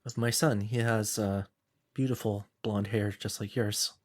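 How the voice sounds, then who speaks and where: A woman's voice: extremely low pitch, steady tone, a little slow. A man voicing a frail, gray-haired old woman in her sixties, stammering and motherly. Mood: fussing kindly. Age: 60s.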